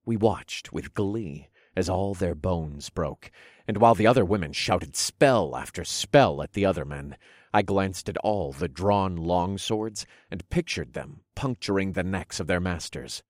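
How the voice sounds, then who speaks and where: A man with a very deep voice narrates a dark fantasy audiobook in a dramatic storytelling manner. The recording is dry and close, with no room sound. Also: unhurried, no echo.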